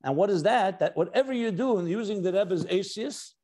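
High-voiced man giving a Torah lecture. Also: fairly quick, dark tone. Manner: explanatory, stressing key words, mixing in Hebrew and Yiddish terms; reads quoted passages aloud. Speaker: rabbi teaching a class.

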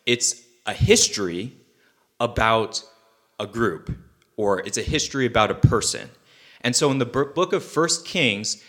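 A man's voice: medium pitch, a bit bright. A young man preaching a casual sermon, chatty and loose, with many fillers and joking asides.

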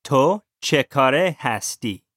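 A man's voice: mid-range voice, animated, fast, fairly bright tone. A male student in a language lesson echoes each word after his teacher. He repeats them carefully, and the recording is dry and close.

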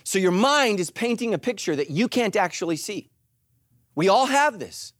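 Middle-aged male preacher, high lively voice, joking sermon, dry close sound. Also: moderate pace, no room sound. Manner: animated, joking, puts on voices for quotes. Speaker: pastor.

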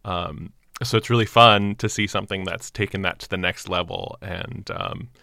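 A young man with a bright, forceful, fairly low voice reads a short story, giving each character a lively voice. The sound is close and dry, with no room around it. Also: moderate pace, vocal fry, dry recording. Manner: acts out dialogue with lively voices. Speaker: actor reading a short story. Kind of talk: storytelling narration and casual reflection.

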